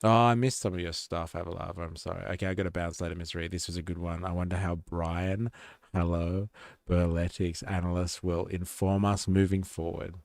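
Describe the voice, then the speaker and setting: Man, low-pitched, casual live-stream chatter, offhand, reads chat, dry mic. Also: flat delivery, a little fast, creaky, no room sound. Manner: offhand, swears, reacts to chat.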